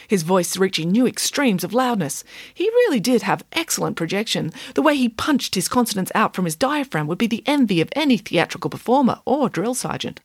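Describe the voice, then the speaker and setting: A woman narrating a children's story aloud in a measured, wry way. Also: lowish voice, lively intonation, slightly rough, no echo, studio quality. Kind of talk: audiobook narration.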